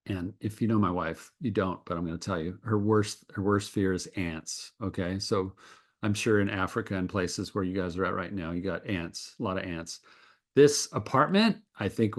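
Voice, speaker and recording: Earnest man telling a faith story. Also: on the low side. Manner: earnest storytelling with many restarts. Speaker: guest animator. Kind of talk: personal testimony in an interview.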